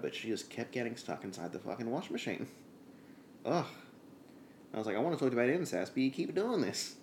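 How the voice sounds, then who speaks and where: A man's voice: low-pitched, roomy sound, a little hiss or hum. Crude, joking man on a podcast. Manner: crude, sarcastic, mumbly, giggling. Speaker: podcast co-host. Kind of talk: casual comedic chat.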